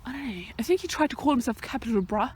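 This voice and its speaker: A woman vlogging on a hike outdoors, chatting nervously into a handheld camera and swinging between whispers and loud exclamations. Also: on the high side, expressive, racing, husky. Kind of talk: casual vlog narration while hiking. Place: outdoors on a hillside near fenced fields.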